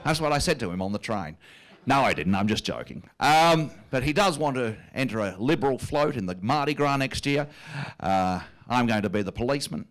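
A comedian doing a smug rich Aussie prime minister. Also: male voice, medium pitch, expressive, a little fast, natural voice. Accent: Australian. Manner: smug, drawling, self-amused. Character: smug wealthy male prime minister, pompous and self-satisfied. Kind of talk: stand-up impression of a politician. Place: stage.

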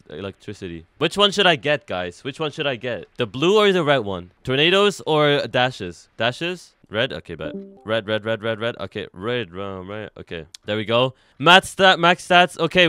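A young man streaming himself playing a game, excitable and full of slang, jumping from loud shouts to low mutters. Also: clear, resonant tone, no room sound. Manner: casual slang, says "bro" often. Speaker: gaming streamer. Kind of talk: live gameplay commentary.

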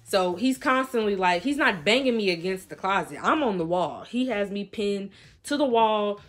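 A young woman vlogger telling a lively storytime in casual slang, acting out what people said. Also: mid-range voice, moderate pace, soft background music. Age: young adult. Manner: animated, slangy storytelling with quoted voices. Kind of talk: storytime vlog.

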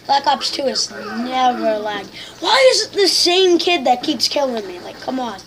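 A woman giving excitable, complaining live commentary over a shooter game she is playing, full of slang. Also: high voice, normal speed, crowd noise. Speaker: gamer.

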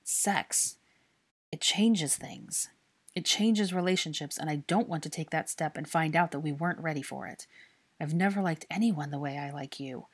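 A woman's voice: deep voice, steady tone, a little fast, slightly rough. A woman voicing an anxious, earnest young man in love, talking in an urgent, pleading way.

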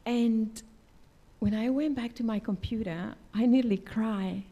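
High-voiced woman giving an earnest sermon. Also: a little slow, dark tone, muffled recording. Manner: earnest, emphatic, non-native English phrasing. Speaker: lay preacher. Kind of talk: personal testimony sermon. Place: church.

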